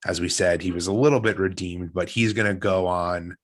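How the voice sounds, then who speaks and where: Deep-voiced male podcast co-host, earnest casual chatter. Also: fairly even intonation, fairly quick. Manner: earnest, emotional, rambling with restarts. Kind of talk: casual chat.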